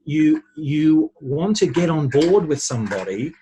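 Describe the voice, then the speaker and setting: Husky man telling stories. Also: fairly high pitch, a little slow. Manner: animated, anecdotal, explains with examples. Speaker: podcast guest, relationships speaker. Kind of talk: conversational storytelling.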